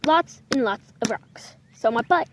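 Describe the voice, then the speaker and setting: Young female vlogger, high-pitched, chatty and rambling, recording outdoors. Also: expressive, a little slow, noisy background. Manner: chatty and rambling, with frequent apologies. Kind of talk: casual outdoor vlog chat. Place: outdoors in the cold, sitting on rocks.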